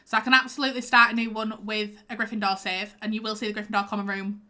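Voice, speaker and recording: A young woman chatting casually with her stream viewers, rambling and excitable. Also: mid-range voice, fast. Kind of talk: casual livestream chat.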